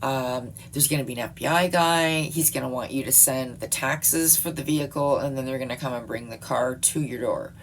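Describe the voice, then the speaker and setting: A woman voicing a smooth-talking male phone scammer, slow and coaxing, in her own low voice. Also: a little hiss or hum.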